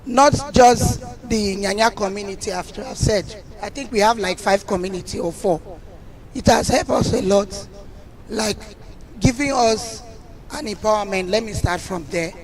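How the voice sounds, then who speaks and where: A hoarse woman with a Nigerian accent, speaking as a community representative at a public meeting, earnest and grateful, with many restarts. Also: mid-range voice, moderate pace. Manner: earnest, thanking, rambling with restarts.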